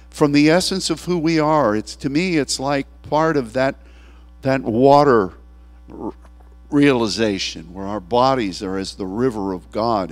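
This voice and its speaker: A male pastor delivers an animated sermon in a middle-range voice, tearful as he preaches. He acts out the voices he quotes and laughs between lines. A faint mains hum runs underneath. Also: medium pitch.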